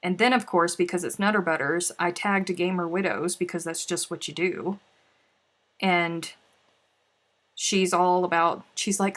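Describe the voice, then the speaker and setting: Chatting casually as she crafts, a livestream host reads viewer comments aloud, sighing and laughing. She speaks a little slowly in a fairly low, steady voice with a fairly bright tone.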